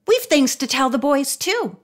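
A woman reading an audiobook, voicing a gentle, slightly worried teenage girl. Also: sits high, very animated, measured pace, voice pushed up. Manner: worried, soft. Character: teenage girl Marjorie, gentle and a little anxious.

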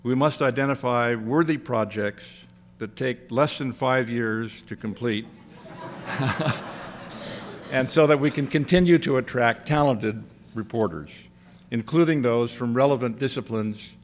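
Speaking at a medium pitch, the outgoing president of an institute, an older man, delivers a gracious and measured after-dinner address sprinkled with dry wit.

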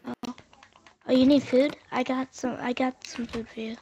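A woman hosting a gaming channel, chatting casually while she plays, quick to react and often repeating herself. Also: sits high, level tone, warm tone, slight background noise. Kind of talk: casual chat while playing a video game.

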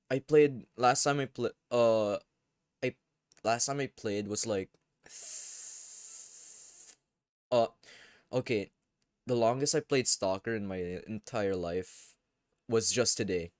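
A young man streaming a game, rambling and swearing, with sudden loud outbursts between mumbled remarks. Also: lowish voice, dry recording, clean studio sound. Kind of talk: live gameplay commentary.

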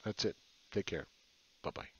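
A man's voice: moderate pace, heavy background noise. A middle-aged man giving blunt, profane, mocking chart commentary in a casual way. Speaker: market commentator. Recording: dull lo-fi sound.

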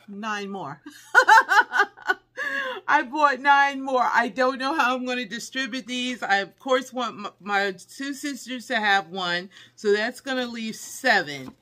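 A middle-aged woman, chatting excitedly through a shopping haul video and squealing with delight. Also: on the high side. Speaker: haul vlogger. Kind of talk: casual haul video chat.

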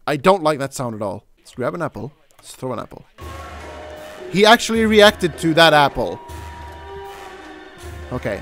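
A fairly high, lively male voice talks through a horror game in a loose, casual way. He gets jumpy, swears freely and yells at the character chasing him. Faint music plays underneath. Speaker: gameplay commentator. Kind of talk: casual let's play commentary.

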